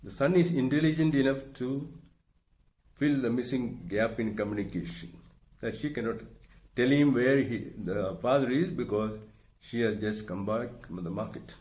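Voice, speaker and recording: A middle-aged man, giving a recorded lecture in a slow, measured way and explaining through worked examples. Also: mid-range voice, a little mellow. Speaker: teacher.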